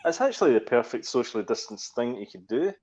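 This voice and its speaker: A man's voice: mid-range voice, big pitch swings, fast talker, a loud crowd. Male co-host, easygoing quipper, mid voice, slightly muffled lo-fi mic. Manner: laid-back, short interjections and wisecracks. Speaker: podcast co-host. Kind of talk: casual chat. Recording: dull lo-fi mic.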